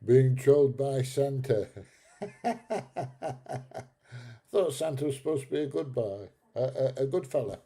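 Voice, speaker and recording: Unhurried and warm, this mid-range male voice pauses often as a middle-aged British man hosts a live stream. He chats casually through viewer comments, laughs a lot and calls people mate, speaking with a British English accent.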